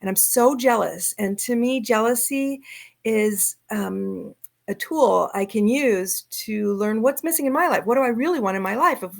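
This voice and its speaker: A middle-aged woman from Southern California, a guest telling her travel stories in lively fashion over a video call. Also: a little high, moderate pace, gravelly. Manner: lively storyteller acting out quoted voices. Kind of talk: storytelling in an interview.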